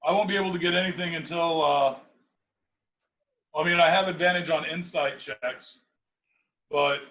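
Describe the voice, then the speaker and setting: Matter-of-fact male player, fairly high voice. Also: fairly bright tone, rough recording. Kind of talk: casual game table chat.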